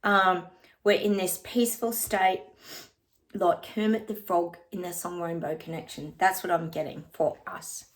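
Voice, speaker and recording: A woman's voice: fairly low pitch, steady tone, unhurried. A woman giving a casual psychic reading, chatting to her viewers as "guys" and breaking into bits of song. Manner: breaks into short bits of song and laughs often.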